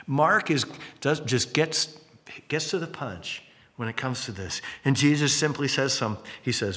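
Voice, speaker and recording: Bright-voiced man preaching a lively sermon. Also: medium pitch, a little slow. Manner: lively storytelling with acted-out quotes and asides. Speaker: pastor.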